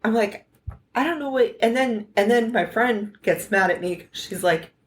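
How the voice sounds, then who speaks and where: A woman from the United States telling a story on a podcast, animated and profane, acting out the dialogue as she goes. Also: fairly high pitch, moderate pace, a little hiss or hum. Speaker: podcast co-host. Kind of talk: casual storytelling chat.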